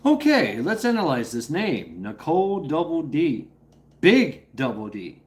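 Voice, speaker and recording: A man with a slightly high voice hosts a casual live stream. He rambles freely, swings his pitch widely, greets chatters one by one, and drops into a coaxing, playful tone with his dog. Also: wildly swooping pitch, a little slow. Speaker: livestream host. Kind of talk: casual live chat with viewers.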